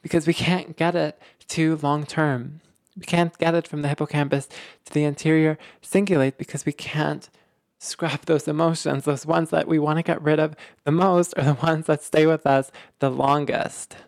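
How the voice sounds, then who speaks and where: A podcast host explaining relationship ideas in casual, animated talk, full of fillers, restarts and emphatic repeats. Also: mid-range voice, moderate pace, gravelly, dry recording, clean studio sound. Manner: animated, emphatic, lots of filler words and repetition.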